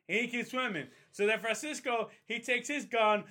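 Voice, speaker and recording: A man's voice: very high voice, normal speed. A young man telling a long story to friends in casual chat, swearing a lot and acting out the voices of the people in it. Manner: profane, animated, acts out voices. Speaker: storyteller on a podcast.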